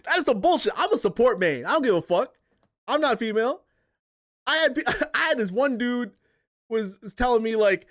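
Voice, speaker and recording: A man's voice: very high-pitched, sing-song, moderate pace, pauses often, fairly bright tone. A man hosting a livestream, ranting casually and profanely, with rambling restarts. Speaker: streamer and podcast host.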